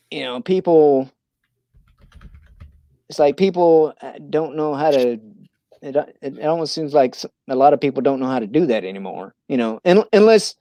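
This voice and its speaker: A man's voice: fairly high pitch, mellow, dry recording. A man from Missouri hosting a casual livestream chat, rambling with lots of fillers and restarts. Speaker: livestream host.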